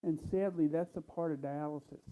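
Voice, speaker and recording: A man speaking plainly and unhurriedly to a congregation, tired and low on energy, with frequent pauses. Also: steady tone, mellow. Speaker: church speaker. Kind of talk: casual talk to a congregation. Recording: tinny phone-like sound.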